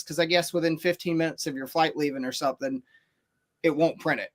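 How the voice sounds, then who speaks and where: A man telling a long story on a casual podcast, animated and rambling, with many fillers and restarts. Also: fairly high pitch, brisk.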